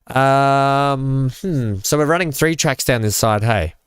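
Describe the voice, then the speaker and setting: A man's voice: medium pitch, takes it slowly, clear, resonant tone, dry recording, clean studio sound. A man hosting a live game stream, chatting casually with viewers, joking and laughing often. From Australia. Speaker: live-stream gaming host. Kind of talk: casual live-stream chat while playing.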